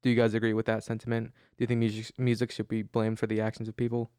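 A man's voice: fairly low pitch, completely flat delivery, rapid-fire, darkish tone, clear, resonant tone, dry recording, clean studio sound. A tired young man hosting a casual chat, rambling with lots of restarts. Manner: rambling, many restarts and fillers. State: tired, yawning. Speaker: podcast host.

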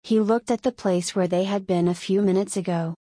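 A woman narrating a story as an audiobook in a measured storytelling way. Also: medium pitch, steady tone, mellow, no echo.

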